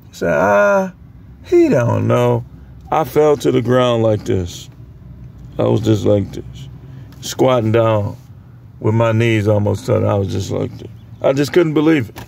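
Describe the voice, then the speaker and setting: A young man casually telling work stories to the camera, animated and full of voice impressions. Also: on the low side, moderate pace, gravelly, slight background noise. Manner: animated, imitates other people's voices mid-story. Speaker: vlogger. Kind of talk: casual storytelling.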